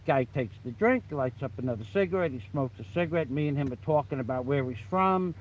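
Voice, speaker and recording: A man telling a story from his past in a blunt, animated way, swearing constantly and often restarting his sentences. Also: medium pitch, fast, a little hiss or hum, low-quality recording. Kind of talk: casual profane storytelling. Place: the Philippines.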